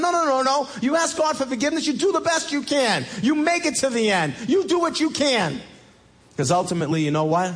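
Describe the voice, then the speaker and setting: A man preaching a sermon as pastor, emphatic and repetitive, often rising sharply in pitch to drive a point home. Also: sing-song, brisk, fairly bright tone.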